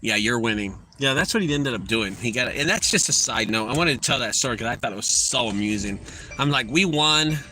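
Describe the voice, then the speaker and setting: A man's voice: medium pitch, animated, brisk, sharp tone, slight background noise. A middle-aged man, a junk removal business owner, telling a story in a profane, heated vlog rant.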